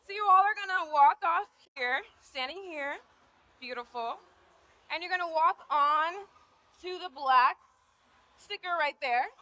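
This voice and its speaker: A bright, high-pitched young woman leads a live posing workshop on stage. She hypes up her volunteers with encouraging cheers, speaking into a handheld mic. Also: measured pace. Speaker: posing coach. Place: stage before a live audience.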